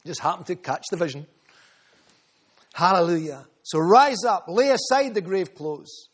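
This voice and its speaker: A man preaching with a high, ringing voice. He is fervent and repetitive, building his phrases in waves and calling on congregation members by name. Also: a little slow, slightly rough. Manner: rhythmic repetition, builds in volume. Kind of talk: sermon.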